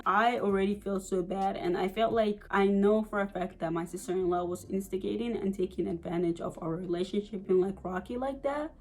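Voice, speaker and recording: A young woman from the United States telling a personal story in a casual vlog, animated and profane, full of "like" and "you know". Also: medium pitch, fairly quick, hardly any pauses, rough recording. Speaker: vlogger.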